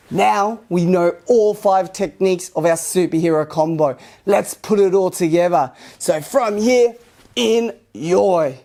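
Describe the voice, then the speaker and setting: A woman from Australia teaching a kids karate class, upbeat and encouraging, with loud karate shouts between instructions. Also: mid-range voice. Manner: upbeat, encouraging, talking to young children. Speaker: martial arts instructor.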